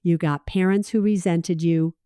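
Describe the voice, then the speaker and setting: A woman's voice: on the low side, steady tone, a little slow, warm tone, clear, resonant tone, dry recording, clean studio sound, natural voice. Woman doing a frank, blunt female friend.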